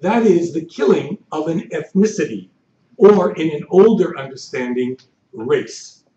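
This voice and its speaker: A man's voice: fairly high pitch, expressive, unhurried, mellow, slight background noise. Older male historian lecturing, distant echo. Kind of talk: academic lecture. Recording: echoey hall, distant mic, dull lo-fi.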